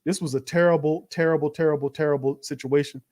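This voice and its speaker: A man's voice: fairly high pitch, fairly even intonation, quick pace, dark tone. A man hosting a live-stream watch party, commenting bluntly on a loss and calling his viewers fam. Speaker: sports show host.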